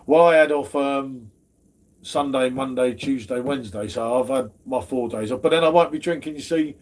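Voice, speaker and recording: A man's voice: mid-range voice, moderate pace. A man hosting a casual beer chat stream, slangy and chatty. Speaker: host of a beer review stream.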